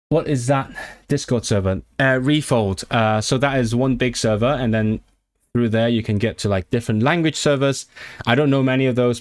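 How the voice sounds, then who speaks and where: A man's voice: medium pitch, no room sound, studio quality. A young man live-streaming his language study, chatting with viewers and sounding out foreign words with frequent restarts. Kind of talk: casual live-stream chat.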